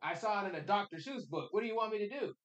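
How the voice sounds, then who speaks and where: A man's voice: high voice, expressive, rapid-fire. A man hosting a podcast, telling a childhood story in loose slang and jumping into quoted voices. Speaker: podcast host. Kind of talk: casual storytelling chat. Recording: echoey room.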